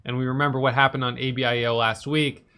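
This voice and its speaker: A tired man casually recapping his day's stock trades, talking fast with lots of fillers and restarts. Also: little pitch movement, pushed and bright, smooth. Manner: fast, filler-heavy talk with restarts, "boom" for quick actions. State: tired, yawning.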